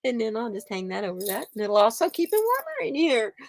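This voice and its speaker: A woman's voice: on the high side, wildly swooping pitch, quick pace, dry recording. A woman hosting a casual chat stream from her home, rambling and laughing often. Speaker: channel host. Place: home room with a heater.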